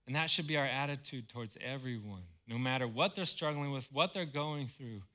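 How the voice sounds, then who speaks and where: A man's voice: medium pitch, fairly quick, pushed and bright. A man, a pastor, preaching a sermon in earnest, repeating words for emphasis.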